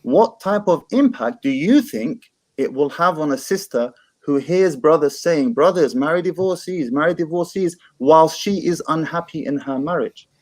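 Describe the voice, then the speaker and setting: A man's voice: a little high, animated, measured pace. Pressing man repeating a pointed question. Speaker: debater. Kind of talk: heated online debate.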